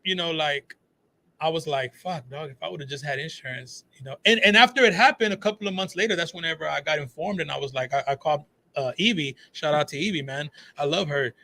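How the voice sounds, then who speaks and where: A man in his thirties telling stories in casual chat, profane and animated, calling everyone bro and dog. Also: on the high side, fast talker, vocal fry. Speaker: podcast guest, phone shop owner.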